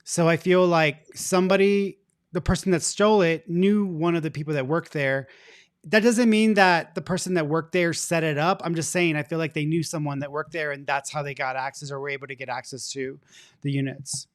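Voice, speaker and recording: A man giving psychic readings on a live stream, chatty and animated, laughing easily. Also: fairly high pitch, brisk, clean tone, no room sound, clean studio sound. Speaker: psychic reader, co-host. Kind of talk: live reading, casual chat.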